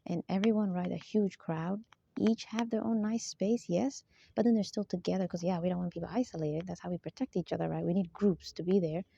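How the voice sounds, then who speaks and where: Rambling through a monologue, this spiritual vlogger keeps seeking agreement and laughs between her points. She speaks briskly in a lowish, husky, dark voice with vocal fry and fairly even intonation, recorded with a dull, dry, lo-fi sound.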